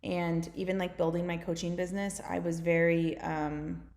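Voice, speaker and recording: With a fairly low, a little mellow voice and little pitch movement, a woman in her thirties from the United States guests on a casual podcast. She tells stories rapidly, stuffed with fillers and many "like"s, and the audio has a roomy echo.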